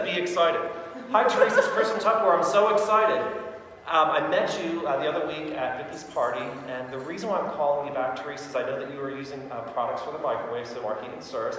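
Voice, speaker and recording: A man's voice: medium pitch, fairly bright tone. A man leading a sales training session, upbeat and acting out both sides of phone calls to show how they should sound. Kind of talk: sales training talk with role-played calls. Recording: echoey hall with faint noise.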